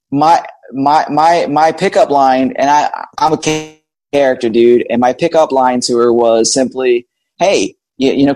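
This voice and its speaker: A man in his forties, a guest telling a candid, animated personal story about meeting his wife. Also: mid-range voice, no room sound.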